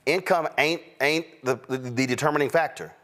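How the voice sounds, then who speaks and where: Man, talk show host, emphatic, conversational, halting with fillers. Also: a little high, fairly bright tone. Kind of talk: live news talk show.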